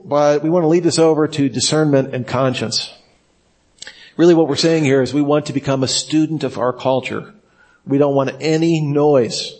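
A middle-aged man speaks as a pastor leading a teaching session at a mid pitch. His delivery is conversational and story-driven. He slips in wry asides as he goes. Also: darkish tone. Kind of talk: sermon-style teaching talk.

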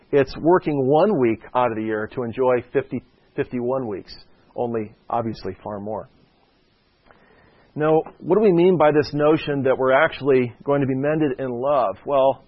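Male preacher at a medium pitch, chatty and anecdotal, on a dull lo-fi recording. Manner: conversational, often adds "okay?". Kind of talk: sermon with a personal story. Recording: dull lo-fi sound.

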